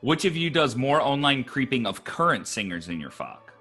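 A man's voice: medium pitch, big pitch swings, normal speed, bright, forceful tone, soft background music. A man hosting a casual web show, upbeat and chatty with loose fillers. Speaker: show host.

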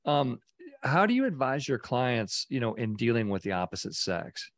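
A man's voice: mid-range voice, very animated, normal speed, no echo, clean studio sound. A man hosting a podcast, asking conversational questions full of fillers. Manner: conversational, lots of fillers like "you know". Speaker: podcast host. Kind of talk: podcast interview.

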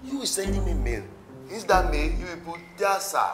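A speaker in a comedy sketch who keeps interjecting loud banter. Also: medium pitch, animated, normal speed. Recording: roomy sound with music.

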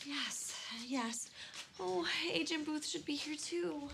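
A woman's voice: sits high, slow pace, vocal fry, slight background noise, heavily acted. An actress playing a young female lab scientist in labor, panting and crying out between her lines. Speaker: forensic scientist character. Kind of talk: TV drama acting. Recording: TV soundtrack with loud music underneath.

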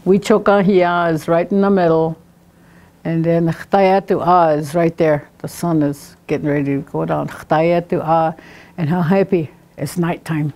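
Middle-aged woman, classroom teacher, unhurried and patient, fairly low voice, repeats words for students. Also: fairly even intonation, darkish tone. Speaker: language teacher. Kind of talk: classroom lesson.

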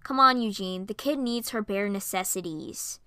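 A woman's voice: mid-range voice, moderate pace, bright, forceful tone, smooth, no echo, lightly acted. A woman voicing a blunt, teasing young woman guard in a fan audio story, close on a home mic.

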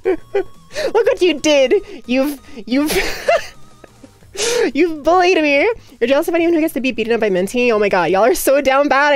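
This is a young woman hosting a live stream, riffing casually with her chat. She talks in a rapid, hyperactive rush, with a slightly high voice. Faint music plays under her. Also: no echo. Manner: rapid, nonstop, hyperactive talker. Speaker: livestreamer.

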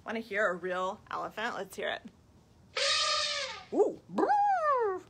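At a library storytime recorded for a live video stream, a woman who is a children's librarian reads a picture book in a sing-song voice, coaxing the young listeners with questions. Her voice is on the low side and a little fast, husky with vocal fry, pushed and bright.

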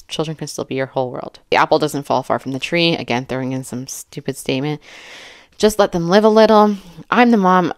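A woman in her thirties giving a chatty reaction commentary, reading quotes aloud with animated asides and laughs. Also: sits low, dry recording, studio quality. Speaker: commentary YouTuber and mother.

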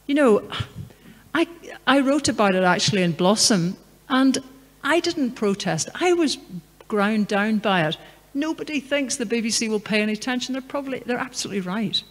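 A woman's voice: on the high side, lively intonation, normal speed. A middle-aged woman giving a public talk in a large hall, speaking in a conversational, anecdotal and emphatic way. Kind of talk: lecture and Q&A answer. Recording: long hall reverb.

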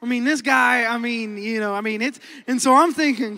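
High-voiced Oklahoman pastor preaching. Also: a little fast, few pauses. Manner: animated, acts out quotes, laughs often. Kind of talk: storytelling sermon. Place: large church hall. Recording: long hall reverb.

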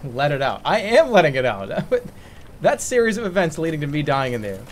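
A man commenting as he plays a video game, swearing, laughing and yelling in frustration. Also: a little high, very animated, brisk, a little hiss or hum. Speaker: gaming streamer. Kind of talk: let's play commentary.

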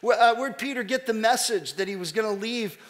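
A man's voice: high-pitched, brisk, a bit bright. A pastor preaching a sermon in an earnest style, reading scripture aloud and often restarting his sentences.

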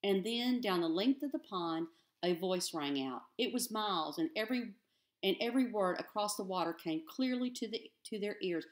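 A woman teacher reading a children's novel aloud to her class at a steady, careful pace. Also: medium pitch, normal speed.

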